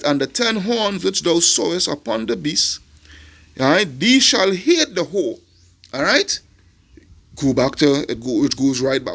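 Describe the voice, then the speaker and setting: A middle-aged man with a Caribbean accent, preaching a sermon and reading scripture slowly, emphatic and often repeating words as he searches for the next thought. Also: a little high, creaky, a bit bright. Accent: Caribbean English.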